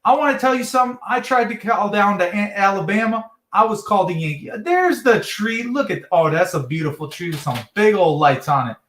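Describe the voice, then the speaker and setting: A man's voice: sits high, lively intonation, a little fast, few pauses, fairly bright tone, reverberant, a little hiss or hum. A man hosting a livestream from South Dakota, rambling and profane, repeating his words as he rants. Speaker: livestream host. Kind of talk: ranting livestream chat.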